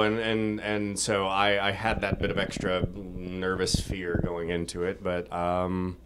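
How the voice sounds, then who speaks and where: Excitable man with a lowish voice. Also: measured pace, noisy background. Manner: excitable, laughs often, acts out quotes. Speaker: voice actor guest. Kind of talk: casual interview chat. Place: convention room.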